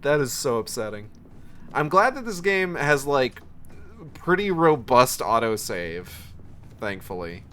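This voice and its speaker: A man commentating his own live playthrough with a crisp, bright tone. He is chatty with his viewers and swears often, quick to get worked up. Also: medium pitch, a little hiss or hum. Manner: profane, excitable, swears often. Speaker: streamer.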